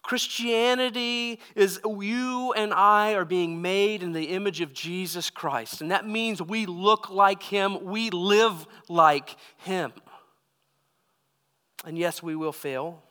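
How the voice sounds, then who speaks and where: Guy preaching a sermon, bright smooth voice, kinda chatty with the congregation, big echoey church. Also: high-pitched, takes it slowly. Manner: conversational preaching with asides to the congregation. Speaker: pastor.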